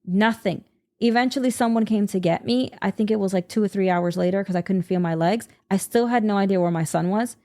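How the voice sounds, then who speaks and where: A woman speaks at an ordinary middle pitch on a casual podcast. Her delivery is emotional and heated, full of restarts and quick asides as she relives a hard experience. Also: warm tone. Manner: emotional, heated personal storytelling with frequent restarts. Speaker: podcast co-host.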